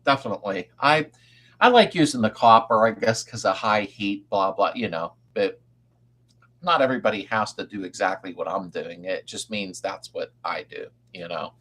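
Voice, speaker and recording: An older man with a fairly low voice hosts a relaxed live chat for viewers. He rambles in a folksy, easygoing way, trails off mid-sentence and greets people by name as he goes. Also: moderate pace, slightly rough. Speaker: livestream host. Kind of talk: casual live-stream chat.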